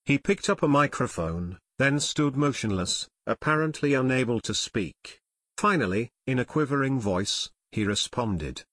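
A man narrating a full-length audiobook in a steady storytelling manner. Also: medium pitch, no room sound, clean studio sound. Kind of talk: scripted narration.

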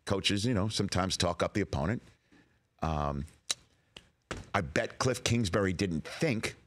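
Animated sports talk host, lively pitch. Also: male voice. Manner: animated, mock-dramatic, playful riffing. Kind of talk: sports talk radio monologue.

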